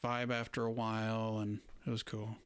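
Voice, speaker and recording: A man's voice: fairly low pitch, completely flat delivery, moderate pace, smooth, no echo. A man co-hosting a casual podcast chat, enthusiastic and swearing casually. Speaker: podcast co-host.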